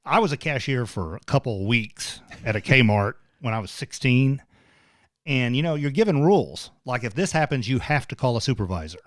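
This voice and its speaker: A man's voice: medium pitch, animated, moderate pace, dry recording. Male co-host, chatty, laughs a lot, dry close sound, mid voice. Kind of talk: casual live-stream chat.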